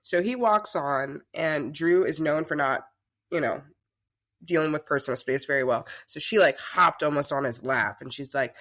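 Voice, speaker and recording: Woman, talk show host type, guest spinning a lively story in a casual chat. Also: low voice, moderate pace. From Southern United States. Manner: chatty, animated storyteller.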